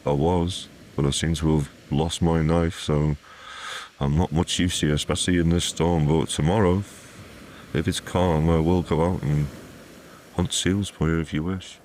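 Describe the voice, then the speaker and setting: A man voicing a lone, blunt seal hunter who exclaims in a raised, excitable voice. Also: rumbling low, a little slow, slight background noise. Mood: incredulous. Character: Angus, a lone middle-aged male seal hunter, blunt.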